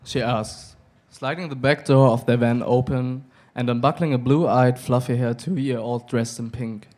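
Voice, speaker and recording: A man's voice: mid-range voice, fairly even intonation, a little slow, darkish tone. Young man reading. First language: German. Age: young adult. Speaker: reader. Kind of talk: literary reading. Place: live reading event.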